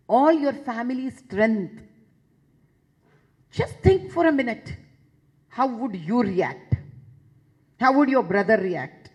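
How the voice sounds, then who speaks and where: Woman, Indian English accent, husky, higher-pitched, impassioned public talk, repeats phrases for emphasis. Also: mellow, poor audio. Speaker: public speaker addressing a session.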